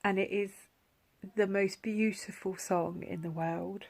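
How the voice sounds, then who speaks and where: With an unhurried pace, fairly even intonation, and vocal fry, a woman at medium pitch shares tender reflections in her personal vlog. Her soft-spoken, heartfelt voice often fades to a whisper.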